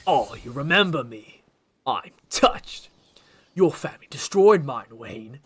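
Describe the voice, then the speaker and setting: A man imitating a vengeful male crime boss with a British accent, loud and gleeful, from a video game. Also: mid-range voice, expressive, slow pace, husky, heavily acted. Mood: gloating.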